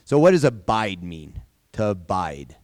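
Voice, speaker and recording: A man's voice: fairly low pitch, big pitch swings, measured pace, dry recording, clean studio sound. A man leading an informal Bible lesson for a group, talking conversationally, repeating phrases and asking the class questions. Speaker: Bible study teacher.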